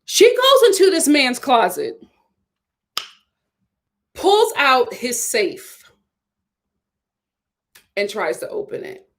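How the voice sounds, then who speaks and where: A woman's voice: high voice, wildly swooping pitch, slow, long pauses, a bit bright. Chatty woman reviewing a TV show. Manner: chatty and opinionated, acts out quotes in voices; laughs often while talking. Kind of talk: casual live TV review commentary.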